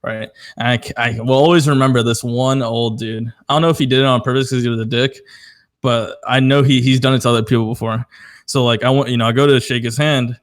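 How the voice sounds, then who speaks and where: A man's voice: medium pitch, steady tone, fast. A young man co-hosting a podcast in casual chat, swearing a lot and calling the other man dude. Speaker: podcast co-host.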